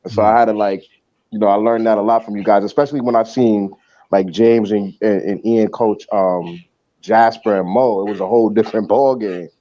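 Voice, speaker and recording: A man and former coach chatting casually, telling animated stories and acting out other people's lines. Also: on the low side, fairly quick, dull audio. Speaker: former coach, podcast co-host. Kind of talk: casual chat.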